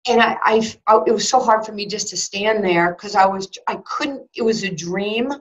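A woman in her sixties recounts a personal story in an interview, lively and animated. She restarts her sentences often and acts out both sides of each conversation. The recording sounds a little dull and lo-fi. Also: mid-range voice, moderate pace. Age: 60s. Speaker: former basketball player and sports broadcaster. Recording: slightly dull lo-fi audio.

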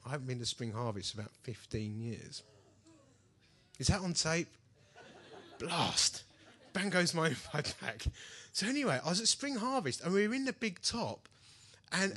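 A man preaching a sermon to a hall, telling personal stories in a lively way and acting out the voices of the people in them. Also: sits high. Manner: animated storytelling, acts out quoted voices. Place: large hall before an audience.

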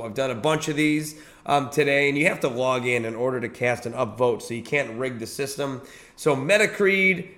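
A man hosting a daily online video show, chatting casually while clicking through websites, sleepy and yawning, with plenty of filler words. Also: on the high side. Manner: relaxed, chatty, reads descriptions aloud with filler words. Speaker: host of a daily crypto collectibles show. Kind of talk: casual screen-share commentary.

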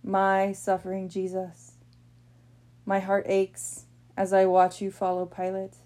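Slow, solemn woman reading a prayer. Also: mid-range voice, dark tone. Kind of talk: devotional meditation reading.

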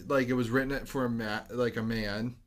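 A man co-hosting a casual movie podcast, chatty and fond of doing quick impressions. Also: mid-range voice, fairly even intonation. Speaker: podcast co-host.

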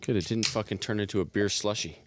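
A man's voice: fairly low pitch, fast talker, slight background noise. A young man casually telling a profane story on a podcast and laughing often. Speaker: podcast co-host. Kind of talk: casual chat.

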